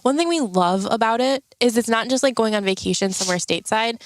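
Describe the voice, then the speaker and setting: A woman's voice: on the high side, lively intonation, fast talker, dry recording. A woman co-hosting a podcast with her husband, chatting casually and laughing often. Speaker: podcast co-host. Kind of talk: casual chat.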